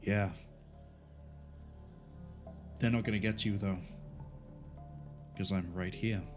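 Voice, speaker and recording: A man's voice: lowish voice, steady tone, slow, music in the background. Guy streaming a game, jokey and playful, just chatting while he plays. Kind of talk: casual game commentary.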